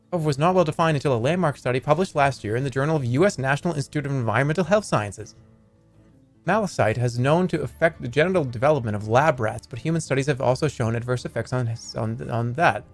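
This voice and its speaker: A man streaming live in casual chat, excitable and prone to loud, incredulous outbursts. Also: fairly high pitch.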